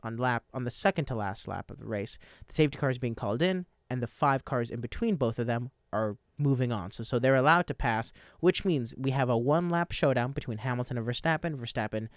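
A man co-hosting a casual sports talk show, recounting race events in animated detail. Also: medium pitch, a little fast, few pauses, dry recording, clean studio sound.

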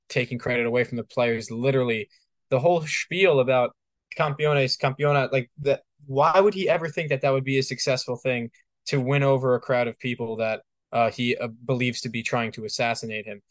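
A man's voice: mid-range voice, steady tone, moderate pace, no room sound. A man co-hosting a podcast, talking emphatically and exasperatedly, restarting words often. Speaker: podcast co-host. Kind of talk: casual podcast discussion.

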